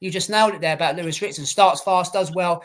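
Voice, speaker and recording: A British man with a fairly high voice co-hosts a casual podcast. He talks loosely and bluntly, drops in swear words, and addresses the audience as ladies and gentlemen. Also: fast talker. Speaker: podcast co-host.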